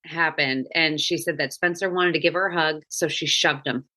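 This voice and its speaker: A woman in her thirties hosting a relaxed podcast chat, with a fairly low but bright, forceful voice. She tells everyday stories in a chatty way and laughs easily. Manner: chatty, storytelling, quick to laugh. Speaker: podcast host.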